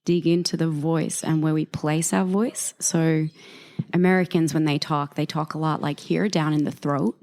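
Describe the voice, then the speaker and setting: An Australian woman with a husky voice, chatting about her voice-over work in a casual interview, full of fillers. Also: fairly even intonation, moderate pace, a little mellow. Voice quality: husky, low-sitting voice. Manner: thoughtful, rambling with many fillers. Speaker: voice actor guest.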